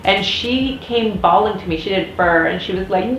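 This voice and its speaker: A woman's voice: medium pitch, a little slow, few pauses, lo-fi sound. A woman in her thirties with an American accent, rambling through a casual vlog rant with many fillers and restarts. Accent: General American. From United States. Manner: chatty, frequent restarts and fillers. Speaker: vlogger. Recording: echoey room with faint noise.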